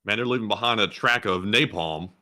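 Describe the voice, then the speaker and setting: A man co-hosting a live-stream war commentary, throwing in quick joking asides. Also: lowish voice, pushed and bright. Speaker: co-host.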